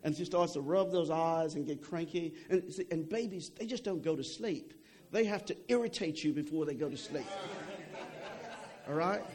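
A man's voice: a little high, normal speed, a little mellow. A young adult man preaching a sermon in a conversational way, often checking in with "okay?" and repeating words as he goes.

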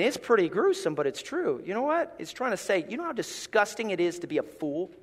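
A middle-aged man, a pastor, preaching a sermon with animated storytelling and playful asides. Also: sits high, creaky, big-room sound.

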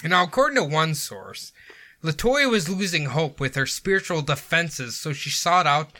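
Podcast host, male, very bright and a bit high, jokey storyteller who laughs a lot. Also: expressive, normal speed. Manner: jokey, laughs often between lines.

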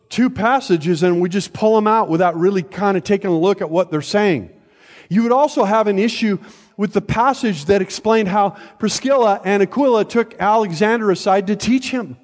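An older man with a high voice preaches from a church pulpit at a normal pace, his words carrying the big-room sound of the sanctuary. The pastor keeps it conversational, tossing in jokes and often checking in with the congregation.

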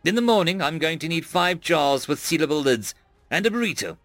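A man's voice: fairly high pitch, lively intonation, fairly quick, fairly bright tone, no room sound, faint music behind, voice pushed up. A man voicing an assured, firm female alien diplomat.

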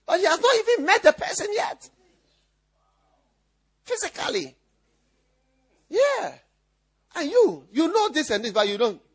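A man preaching a sermon as pastor, teasing his listeners with repeated lines and breaking into shouts and laughter. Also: very high-pitched, very animated, unhurried, long pauses.

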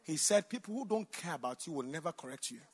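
A man preaching a sermon, telling a personal story with sudden shouts and bursts of laughter. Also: fairly high pitch, animated, quick pace, slightly rough. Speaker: pastor.

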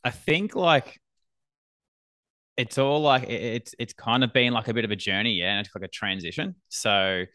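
A man's voice: medium pitch, moderate pace, bright, forceful tone, no room sound, clean studio sound. An Australian man, a business coach, chatting easily as a podcast guest, laughing often and trailing off while he thinks. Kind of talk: casual podcast conversation.

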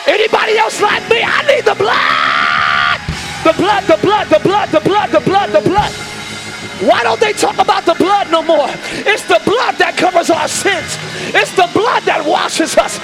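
A man preaching at full cry from a church pulpit, his voice strikingly high and gravelly, worn hoarse from screaming. He drives his sermon with rhythmic, repeated calls to the congregation while a band plays clearly behind him on a live church recording. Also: big pitch swings, a little slow, raised voice. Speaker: pastor. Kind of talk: shouted Pentecostal-style sermon. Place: large church sanctuary. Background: church band music.

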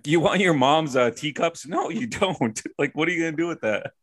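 A man co-hosting a casual podcast, animated and laughing, with "dude" in every other sentence. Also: a little high, brisk. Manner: animated, says "dude" a lot, laughs often. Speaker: podcast co-host. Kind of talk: casual chat.

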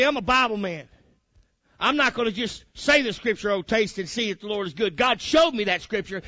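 A man's voice: very high-pitched, bright, forceful tone, dry recording. A man preaching a sermon, fiery and colloquial, calling out to his congregation. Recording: muffled lo-fi recording.

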